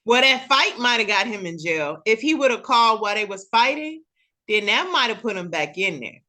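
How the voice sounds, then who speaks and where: A woman hosting a casual recap chat, telling the story with lively acted-out quotes. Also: on the high side, normal speed. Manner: animated storytelling, acts out characters' lines. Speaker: show recap host.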